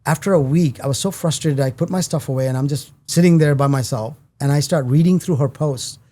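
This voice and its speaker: A middle-aged man tells his story at a quick clip, slipping into the voices of the people he quotes. His voice is dark and mellow, set a little higher than most men's. He talks like a film producer chatting on a podcast. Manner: animated storyteller acting out quoted dialogue. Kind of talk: storytelling in casual chat.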